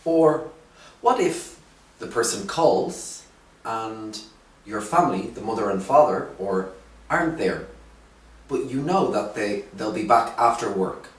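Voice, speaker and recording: A man teaching an English lesson, speaking slowly and clearly with emphasis on key phrases. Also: fairly low pitch, expressive, far from the mic. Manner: slow, clear, drawn-out teaching with rising emphasis. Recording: roomy echo, voice from off the mic.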